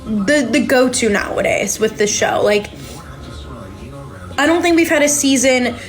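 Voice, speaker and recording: A podcast host recaps a reality show in a high-pitched, lively voice, talking a little slowly while faint music plays behind her. She's chatty and reacts aloud as she watches, packing her talk with filler words and plenty of "like"s.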